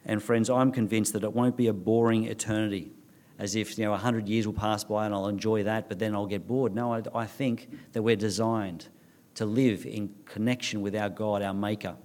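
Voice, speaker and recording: A man's voice: on the low side, steady tone, moderate pace, darkish tone. A man preaching a sermon as pastor, speaking earnestly, reading scripture aloud and sometimes restarting his phrases.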